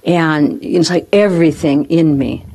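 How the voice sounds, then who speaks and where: A woman speaker telling a personal story to a live group, expressive and often laughing as she speaks. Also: deep voice, measured pace, breathy edge. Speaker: spiritual speaker.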